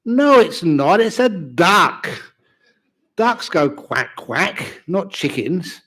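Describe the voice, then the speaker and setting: A man's voice: high-pitched, big pitch swings, extremely slow, sharp tone, husky, pitched above the performer's own voice, full character voice. A man voicing a stubborn husband in a told joke, insisting emphatically. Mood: insistent. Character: stubborn husband sure he hears a duck.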